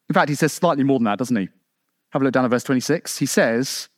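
A man from England preaching a sermon in a conversational way, with rhetorical questions and asides, building to emphatic peaks and then dropping low. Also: quick pace, no echo, studio quality.

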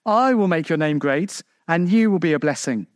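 A man preaching a sermon, emphatic and full of rhetorical questions to his congregation, with sharp swings in pitch for emphasis. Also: lively intonation, moderate pace, no echo, clean studio sound.

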